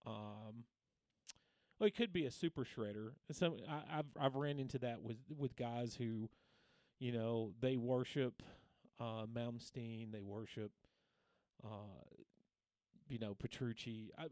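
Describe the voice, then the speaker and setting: A man's voice: mid-range voice, no room sound. A man hosting a casual guitar livestream, telling long rambling stories with many restarts and reading out viewer names. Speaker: guitar teacher and livestream host.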